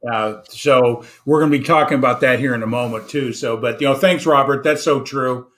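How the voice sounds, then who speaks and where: A man's voice: mid-range voice, a little fast, a bit bright. A man hosting an interview as a financial coach, summing up his guest's points in an earnest, reflective way with repeated phrases and fillers.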